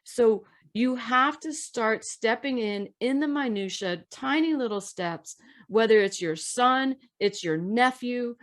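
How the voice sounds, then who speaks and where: A woman's voice: on the high side, slow pace. A woman hosting a podcast, talking in an emphatic, direct way as she gives advice in a casual discussion. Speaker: podcast host.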